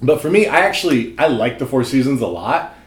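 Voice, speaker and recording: A man's voice: mid-range voice, sing-song, brisk. A young man co-hosting a podcast, giving dry, critical opinions. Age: young adult. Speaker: podcast co-host. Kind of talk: casual chat. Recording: echoey room.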